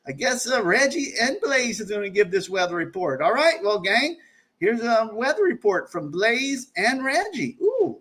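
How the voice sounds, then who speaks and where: A man's voice: extremely high pitch, sing-song, normal speed, fairly bright tone. A man hosting a casual live stream from home during a storm, jokey and chuckling, with rambling asides. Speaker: livestream host.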